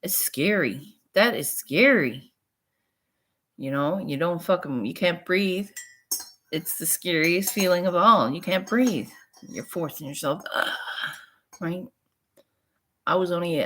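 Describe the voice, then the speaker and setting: Woman vlogger, lower pitch, frank, profane, rambling storyteller. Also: a bit bright, slight background noise. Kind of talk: casual storytelling vlog.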